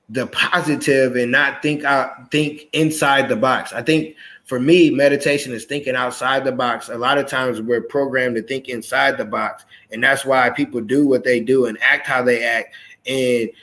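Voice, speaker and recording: A man in his thirties hosting a casual interview chat, animated and acting out quoted voices as he talks. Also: mid-range voice, unhurried. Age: 30s. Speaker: podcast host.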